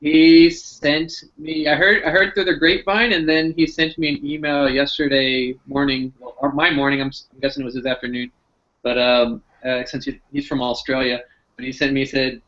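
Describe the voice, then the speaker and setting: A man's voice: medium pitch, little pitch movement, moderate pace, a bit bright. Upbeat man on a dull, lo-fi call. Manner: upbeat, shows items while talking. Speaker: physician guest. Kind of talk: casual video-call chat.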